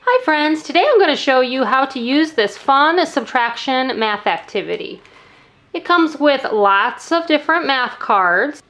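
A woman's voice: sits high, fairly bright tone. A woman teacher explaining a classroom math activity in a friendly way, counting aloud step by step. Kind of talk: instructional demo.

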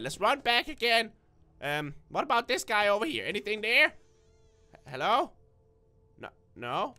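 Jittery high-voiced young man gaming. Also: sharp tone. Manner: nervous, stuttering and jumpy; bursts into screams at scares. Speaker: gaming video creator. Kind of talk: let's-play commentary.

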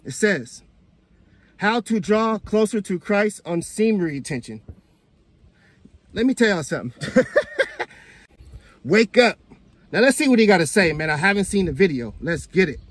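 A man hosting a casual reaction video, animated and laughing as he talks straight to his viewers. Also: sits high, a little slow, long pauses, husky, dry recording. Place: outdoors in the sun.

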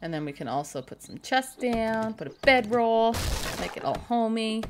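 A woman's voice: a little high, lively intonation, moderate pace, noisy background. A woman chatting casually and joking crudely with her chat while she streams a game. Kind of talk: casual live-stream commentary.

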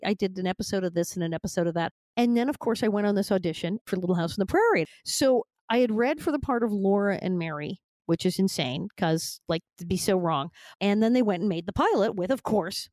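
A woman's voice: medium pitch, no room sound, clean studio sound. A woman in her fifties, a guest actress, telling anecdotes animatedly and laughing often. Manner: animated, laughing often, quoting others with exaggerated tones. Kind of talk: anecdotal storytelling.

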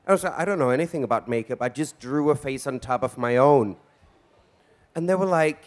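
A man's voice: a little high, animated, fairly quick. A man in his forties hosting a live event as a drag queen, with flamboyant, theatrical camp banter on stage. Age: 40s. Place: event stage before an audience.

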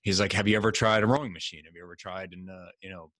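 A middle-aged man being interviewed, telling stories in a casual, animated way and acting out the voices of people he quotes. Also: low-pitched, very fast. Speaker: guest.

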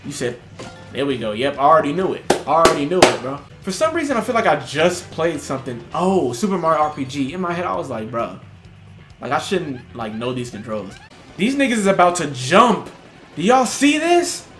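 Young man joking loudly over a game. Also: a little high, very animated, a little fast. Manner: loud, joking reactions with slang and frequent laughs. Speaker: gaming streamer. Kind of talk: casual let's-play commentary. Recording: roomy with music in background.

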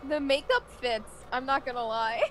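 A woman's voice: sits high, moderate pace, a little hiss or hum, rough recording. A woman chatting casually during a game playthrough, laid-back and giggly, with short replies. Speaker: co-player. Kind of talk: casual let's-play commentary.

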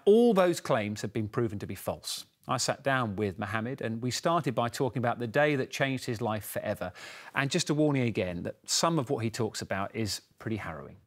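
A male news presenter introducing a story and asking measured, probing questions in an interview. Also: medium pitch, lively intonation.

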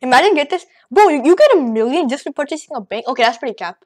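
A woman rambling excitedly through casual gameplay commentary, out of breath and joking as she goes. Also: high-pitched, fast talker. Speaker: gaming channel host. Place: at home at a computer.

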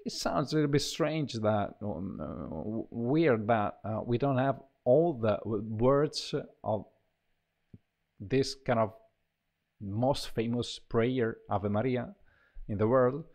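A man walks through a choir sample library, talking casually and haltingly with many fillers and restarts. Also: medium pitch, vocal fry, a little mellow. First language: Italian. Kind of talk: casual software walkthrough.

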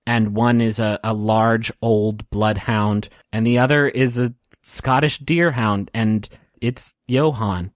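A man narrating a tabletop game as game master, soft and emotional, with small restarts. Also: fairly low pitch, steady tone, slow pace, dry recording, studio quality.

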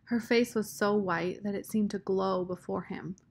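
Woman, storybook narrator, measured, husky, gravelly. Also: medium pitch, fairly even intonation, a little mellow. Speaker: audiobook narrator.

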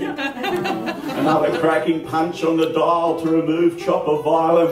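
An Australian man performing a comic bush poem live in a hall, theatrical and lively, with chuckling asides. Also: fairly high pitch, takes it slowly. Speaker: folk club performer. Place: large hall, live concert. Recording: echoey hall, from far off, music.

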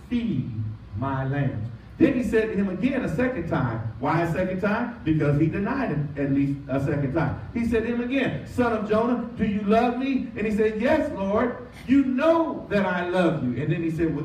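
Male pastor, high-pitched, emphatic preacher with call-and-response; recorded from a distance in a church. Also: animated, normal speed, a little mellow, echoey room, a little hiss or hum. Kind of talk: sermon. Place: church sanctuary.

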